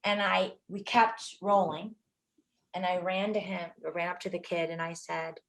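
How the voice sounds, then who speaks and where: A middle-aged woman filmmaker, telling stories from a shoot in an interview, animated and quick to act out what people said. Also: on the low side. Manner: animated, acts out quotes, many fillers. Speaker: filmmaker guest. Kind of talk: interview storytelling.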